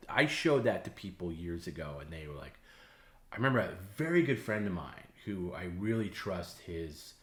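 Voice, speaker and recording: Low-voiced rambling male host. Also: a bit bright, echoey room. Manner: rambling, heavy with filler words and restarts. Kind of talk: casual late-night stream chat.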